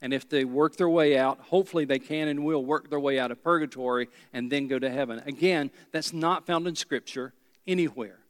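A man's voice: on the high side, fairly quick, long reverb tail. A pastor preaching a sermon, a man who drives points home by repeating key phrases.

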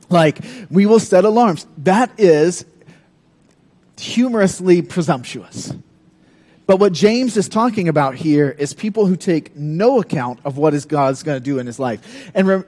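A man preaching a sermon in a conversational, animated way, breaking into dramatic scripture readings. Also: fairly high pitch, a little slow. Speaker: pastor.

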